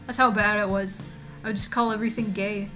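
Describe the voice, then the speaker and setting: A woman streaming from home, chatting loosely and joking with her chat in a bright, clear tone. Faint music plays softly beneath her voice. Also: mid-range voice, little pitch movement, a little fast.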